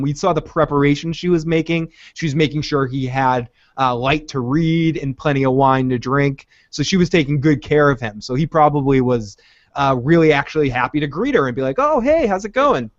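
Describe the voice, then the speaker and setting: A man co-hosting a casual recap chat, animated, acting out quotes in different voices and laughing often. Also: mid-range voice, a little fast, no room sound. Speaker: podcast co-host. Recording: dull lo-fi audio.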